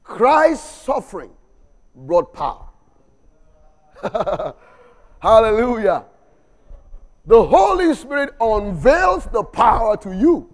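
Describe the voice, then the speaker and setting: Lively high-voiced preacher in a reverberant hall. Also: male voice, slow, long pauses. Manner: exhorting, with call-and-response and repeated refrains; humorous asides. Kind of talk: sermon. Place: church. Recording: long reverb of a church hall.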